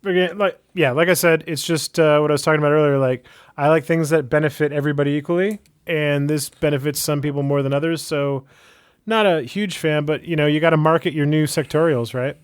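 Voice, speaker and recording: A man's voice: a little high, fairly even intonation, brisk, clean tone, no echo. A man co-hosting a casual podcast, explaining game rules in a hesitant way with lots of fillers. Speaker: podcast co-host. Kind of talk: casual podcast chat about a tabletop game.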